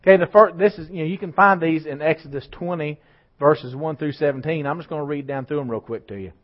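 With a slightly high voice and rapid delivery, a pastor builds his sermon to emphatic peaks and drops asides to his congregation, captured on a somewhat dull lo-fi church recording.

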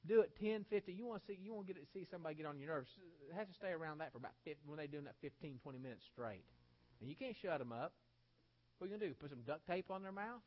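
A man's voice: a little high, animated, quick pace, lo-fi sound. A man preaching a sermon in a folksy, emphatic way that is full of rhetorical questions.

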